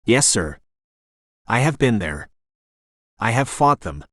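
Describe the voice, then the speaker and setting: A man's voice: lowish voice, very animated, slow, a bit bright, no echo, full character voice. A man voicing a terse former special-forces soldier, answering in clipped, respectful replies. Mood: calm. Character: calm, terse male ex-special-forces candidate.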